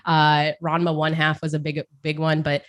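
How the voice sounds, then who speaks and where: A woman's voice: low voice, monotone, moderate pace. A woman guest in a casual interview, rambling and chatty, often laughing and repeating words as she talks about her work as a caster. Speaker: esports caster, podcast guest.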